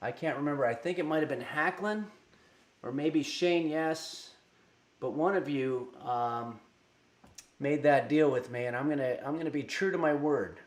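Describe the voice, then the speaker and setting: A man's voice: on the high side, normal speed. Rambling man streaming from an echoey room. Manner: rambling, reads chat messages aloud with many fillers. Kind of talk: casual livestream chat. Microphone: desk microphone.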